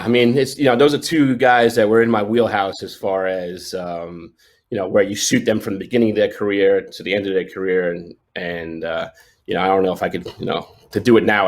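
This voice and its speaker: A man in his forties, a sports photojournalist, telling stories in a casual interview, rambling with restarts and fillers and laughing often. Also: low voice. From New York.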